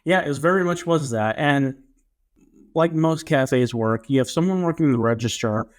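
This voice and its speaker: A young man co-hosting a podcast, telling a story in a casual, animated way and acting out what people said. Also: mid-range voice, moderate pace. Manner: animated storyteller, acts out quotes. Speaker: podcast co-host.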